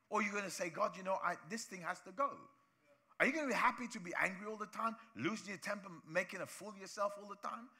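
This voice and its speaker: A male pastor from preaching a sermon in church, animated, acting out voices of people he talks about. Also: sits high.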